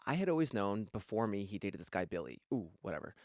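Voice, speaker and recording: A man co-hosting a podcast in a studio, an animated storyteller who acts out other people's lines in casual chat. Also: on the low side, quick pace, dry recording. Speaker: podcast co-host.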